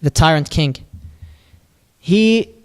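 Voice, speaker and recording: A man telling a prophet's story at a mosque in a lively, casual way, acting out the quoted lines and using Arabic phrases. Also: on the high side, takes it slowly, smooth. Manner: casual, with fillers and restarts. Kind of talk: religious storytelling talk.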